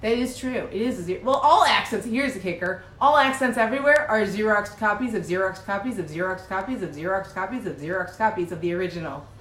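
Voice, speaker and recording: A woman's voice: medium pitch, animated, fast talker, hardly any pauses, a bit bright, soft background music. A woman co-hosting a live stream, chatting casually, giggling and reading viewer comments aloud. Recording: roomy live-stream audio.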